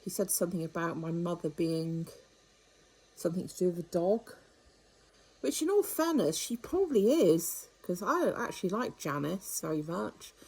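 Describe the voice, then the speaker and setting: A woman's voice: on the low side, sing-song, normal speed, a little mellow, husky, rough recording. An older woman, talking to camera in a chatty, wry monologue full of rambling asides. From United Kingdom. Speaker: vlogger. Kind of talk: casual monologue.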